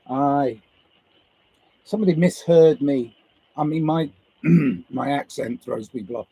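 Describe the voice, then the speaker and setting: A man rambles to his livestream viewers in an unhurried, drifting monologue. His voice is husky and mellow, and the pace stays slow and easy. He tosses in casual swearing as he muses. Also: mid-range voice, rough recording. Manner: meandering, musing, swears casually.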